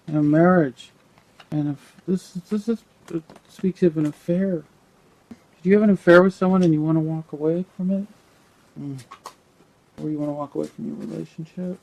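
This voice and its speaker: A man giving a casual tarot reading, thinking aloud in a halting, rambling way with many repeated words. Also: fairly high pitch, steady tone, gravelly, dark tone, poor audio. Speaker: tarot reader.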